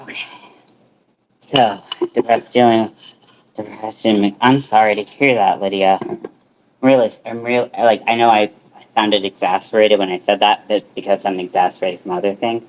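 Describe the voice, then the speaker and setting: A low-voiced man chatting on a casual home livestream, looping through "like"s and half-finished thoughts. The audio is dull and lo-fi, with faint room noise behind him. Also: fairly even intonation, brisk. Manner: rambling, filler-heavy, self-interrupting. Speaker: livestream host. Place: small home kitchen.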